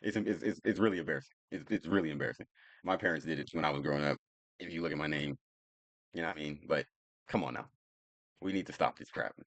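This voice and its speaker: A man's voice: a bass voice, quick pace, pauses often, fairly bright tone, no room sound. A man hosting a reaction commentary, talking bluntly and preaching straight at his viewers. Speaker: commentary host reacting to clips.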